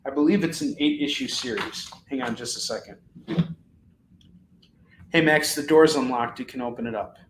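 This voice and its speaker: A man's voice: medium pitch, moderate pace, pauses often, background noise. A middle-aged man hosting a live comic book sales stream at home, joking and chatting off the cuff. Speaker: host and comic book seller. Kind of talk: live shopping stream chat. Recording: roomy echo, a little far from the mic.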